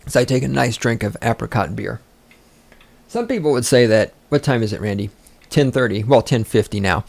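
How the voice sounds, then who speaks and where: A man's voice: mid-range voice, animated, normal speed, gravelly. A man hosting a podcast, ranting in a rambling, profane, sarcastic way and getting sidetracked easily. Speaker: podcast host. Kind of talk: rambling casual rant.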